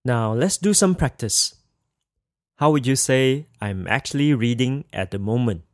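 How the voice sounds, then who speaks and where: A man's voice: mid-range voice, lively intonation, unhurried, no room sound, clean studio sound. A man teaching a language lesson in a careful scripted manner, saying each example phrase twice for practice.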